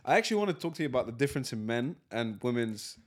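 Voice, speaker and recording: A man's voice: medium pitch, sing-song, very fast. Joking young man on a podcast. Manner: joking, teasing, slangy. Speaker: podcast co-host. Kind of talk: casual chat.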